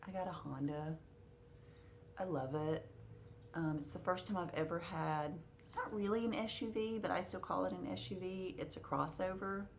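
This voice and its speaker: Low-voiced woman chatting casually. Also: moderate pace, slight background noise. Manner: chatty, with frequent fillers. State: hiccups. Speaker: cross-stitch vlogger. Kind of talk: casual chat to camera.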